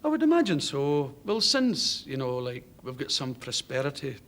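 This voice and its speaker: Lively Glaswegian comedian in his thirties. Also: medium pitch, normal speed. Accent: Glaswegian Scottish. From Scotland. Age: 30s. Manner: animated, laughs through his own stories. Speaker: comedian guest. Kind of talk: anecdotal chat show storytelling. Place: television studio with audience. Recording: noisy 1970s television audio.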